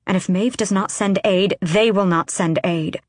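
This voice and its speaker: A woman voicing a defiant young queen who speaks in heated, forceful bursts. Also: fairly low pitch, unhurried, slightly rough, no room sound, studio quality. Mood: indignant. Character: fiery young queen, sharp-tongued and defiant.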